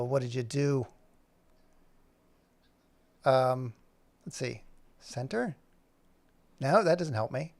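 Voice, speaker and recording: A man with a fairly high, gravelly voice chats on a live stream, rambling and thinking aloud as he clicks through his software. His tone is jokey and self-mocking, and the sound is close and dry. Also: lively intonation, slow, pauses often, no echo. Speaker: animator streaming his work. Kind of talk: casual live-stream chat.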